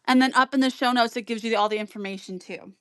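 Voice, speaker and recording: A woman's voice: on the high side, steady tone, fast, clean tone, no room sound, studio quality. A woman hosting a casual sewing tutorial on a live stream, chatty and rambling with many ums, greeting viewers by name. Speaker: sewing livestream host.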